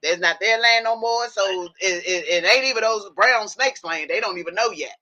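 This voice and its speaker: Woman livestream host, bright voice, preachy and insistent, spins long analogies and checks the audience is with her. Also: mid-range voice, moderate pace, lo-fi sound. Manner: preachy, builds long animal analogies, keeps asking listeners if they follow. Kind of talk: impassioned livestream monologue.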